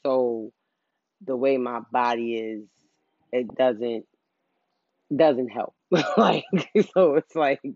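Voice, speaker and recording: A man's voice: mid-range voice, very slow, long pauses, a little mellow, no room sound. Casual rambling man, dry muffled sound. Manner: casual, rambling, self-deprecating humor. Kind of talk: candid personal monologue. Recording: dull, muffled dry recording.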